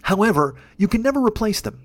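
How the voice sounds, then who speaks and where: Fast-talking, profane man telling a story. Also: high-pitched. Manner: profane, animated, rambling. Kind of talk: casual storytelling monologue.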